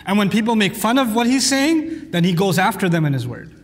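A man's voice: high voice, lively intonation, brisk, few pauses, in a large hall. A man teaching a lecture on the Quran, speaking emphatically and reciting Arabic verses.

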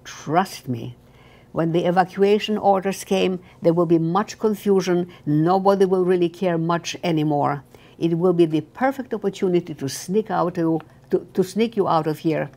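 An older woman reading the lines of a young male German guard who speaks to her in a low, hushed and urgent voice. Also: moderate pace, close to an everyday voice.

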